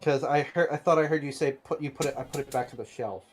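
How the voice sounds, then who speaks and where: A man playing in a tabletop game, chatting in a relaxed, conversational way. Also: on the high side, fast, a little hiss or hum. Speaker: player. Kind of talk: casual tabletop chat.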